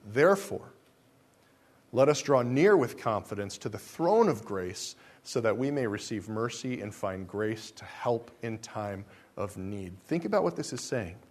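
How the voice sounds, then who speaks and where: A pastor preaches a sermon, putting rhetorical questions to the congregation and shifting between soft, slow lines and loud ones. His voice is fairly low and animated.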